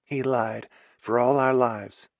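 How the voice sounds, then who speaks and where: A male narrator voicing a fair-minded grown daughter who speaks gently and evenly. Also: medium pitch, fairly even intonation, no echo, dull audio, voice pushed up. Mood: gentle. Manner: gentle, measured.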